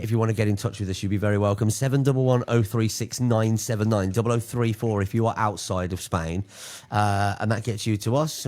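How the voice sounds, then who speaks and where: A man's voice: on the low side, darkish tone. Cheeky British radio co-host, man. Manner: cheeky, teasing, quick asides. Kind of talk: casual radio banter.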